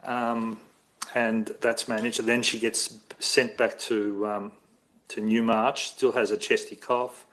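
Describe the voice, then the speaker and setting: A man's voice: on the low side, level tone, slow, a bit bright, rough recording. An Australian man giving expert medical testimony at an inquest, hesitant and correcting himself as he thinks aloud.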